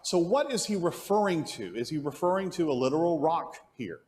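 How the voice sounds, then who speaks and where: A man's voice: a little high, sing-song, normal speed, a little mellow. A man teaching an adult Bible class at church. He asks the class questions, answers them himself, and often restarts his sentences as he thinks aloud.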